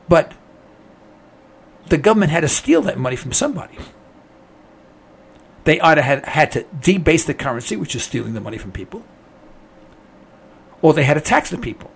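Gravelly, husky man ranting indignantly. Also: on the high side. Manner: indignant, ranting, repeats himself. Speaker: radio talk host. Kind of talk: opinionated monologue.

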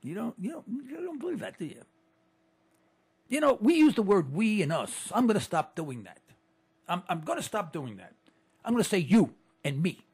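A man's voice: sits high, very animated, moderate pace, pauses often, a little mellow, slightly rough. A man hosting a political talk show, ranting fervently and repeating phrases for emphasis. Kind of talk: impassioned political monologue. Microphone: computer setup.

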